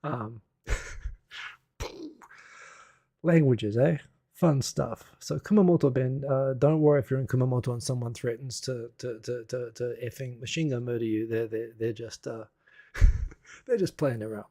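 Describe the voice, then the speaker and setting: A man hosts a casual live stream with a gravelly, slightly husky voice. He rambles and laughs as he talks through stories, and the sound is dry and close with little room behind it. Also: medium pitch, a little slow, pauses often, dark tone, no room sound. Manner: rambling, chatty, laughs often, many fillers and restarts. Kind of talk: casual news commentary.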